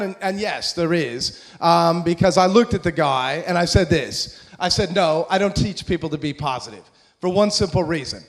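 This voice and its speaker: An excitable American man in his forties delivers a lively motivational talk, joking with the crowd between points. His voice sits noticeably high for a man. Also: moderate pace. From USA. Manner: excitable, animated, jokey. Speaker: motivational speaker.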